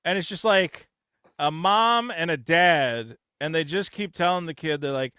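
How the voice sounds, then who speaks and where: A man hosting a call-in show, rambling and swearing, acting out quotes in high voices. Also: measured pace, bright, forceful tone, clear, resonant tone, no room sound, clean studio sound. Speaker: host. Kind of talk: casual call-in show banter.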